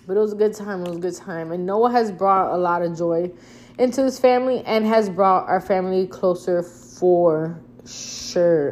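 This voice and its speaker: A young woman chatting to her viewers as if to a close friend, relaxed and candid, with a casual curse here and there. She acts out her own past lines, jumping much higher in pitch when she quotes herself. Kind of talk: casual storytelling to camera.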